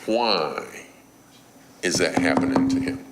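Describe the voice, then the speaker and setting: A man's voice: low voice, animated, slow pace, heavy background noise. A man preaching a sermon on parenting, telling a story and acting out a mother's scolding.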